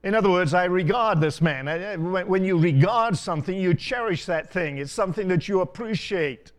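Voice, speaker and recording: An older man preaching a sermon, telling stories in an unhurried way with frequent asides. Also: high-pitched. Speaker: pastor.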